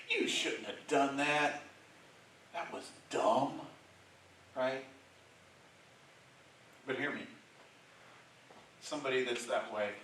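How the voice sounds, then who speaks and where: A pastor preaches in a bright voice, talking with his congregation and often asking "right?" before he builds to loud, emphatic stretches. He is heard from a distance in a very echoey church sanctuary, and a faint hiss runs under the recording. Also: medium pitch. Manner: conversational preaching, frequent "right?" check-ins, rising to loud emphatic stretches. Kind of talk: sermon.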